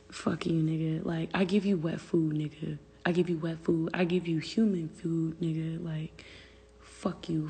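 A woman's voice: fairly low pitch, gravelly, a little mellow, slightly rough, big-room sound. A young woman venting on a phone livestream, profane and exasperated, answering viewer comments aloud. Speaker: livestream host. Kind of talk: casual livestream rant.

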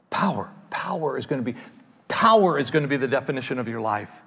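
A male pastor preaching a sermon in a lively, conversational way, often restarting phrases, with a gravelly, husky voice. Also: mid-range voice, fast talker, long reverb tail. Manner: animated, conversational preaching with repeated starts. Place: large church hall.

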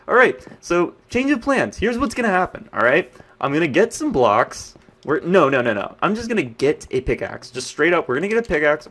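A young man giving live gameplay commentary, frustrated and ranting, swinging between yelling and muttering. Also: mid-range voice. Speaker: gaming YouTuber.

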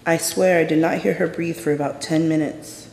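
A gravelly, fry-laden voice tells a true story live from a stage, intense and measured, dropping to a hush at the quietest beats. The sound carries the long reverb of a large hall and rings around the room. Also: mid-range voice, steady tone, slight background noise. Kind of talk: live spoken-word story performance.

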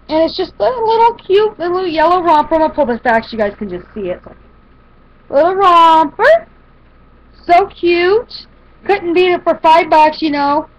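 Woman, high voice, rambling casual haul chat, fillers and restarts, dull lo-fi home video sound. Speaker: vlogger showing a shopping haul.

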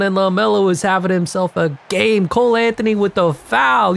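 A man giving jokey, excitable play-by-play over a video game, his voice congested and wearing out, breaking into sudden yells. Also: sits high, normal speed, gravelly, few pauses. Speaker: gaming commentator. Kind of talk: live game commentary.

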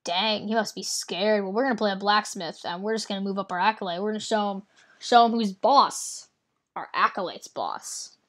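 A woman casually commenting on her own card game as she plays, thinking out loud and teasing her opponent. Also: mid-range voice, fairly even intonation, brisk. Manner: chatty, thinks aloud, playful trash talk. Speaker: gameplay commentator. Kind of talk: casual let's-play commentary.

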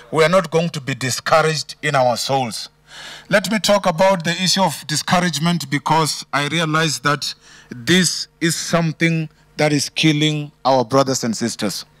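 A male preacher with a South African English accent delivers his sermon in a high voice. He leans on key words, stretching them slowly, and punctuates with hallelujah. The sound is close and dry. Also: lively intonation, fairly bright tone, dry recording. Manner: preaching with slow emphatic stresses and repeated hallelujahs. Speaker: pastor.

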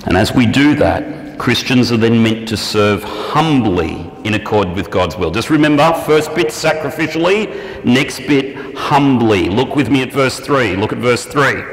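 A man preaching a sermon, animated and acting out prayers and quoted lines in shifting voices. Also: mid-range voice, a little slow, slight background noise. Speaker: pastor. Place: church hall. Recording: echoey church hall, long reverb.

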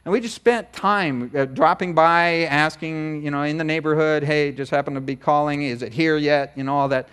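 Middle-aged pastor guy, kinda high voice, rambly animated storytelling sermon. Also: moderate pace, hardly any pauses, clean tone. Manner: animated, chatty storytelling with many asides. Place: church sanctuary.

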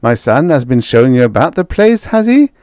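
A man's voice: very animated, brisk, darkish tone, no echo, studio quality, close to an everyday voice. A man voicing a hearty, self-assured wealthy industrialist in an audiobook story. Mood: jovial. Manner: booming, jovial, self-assured. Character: hearty rich older male industrialist.

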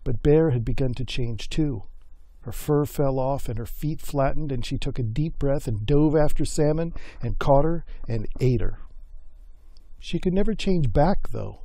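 A male storyteller spinning a folk myth in an easygoing, homespun way. His voice is mellow and relaxed. The recording is dry and close, with no room sound. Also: medium pitch, no echo. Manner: folksy and unhurried, with voiced characters.

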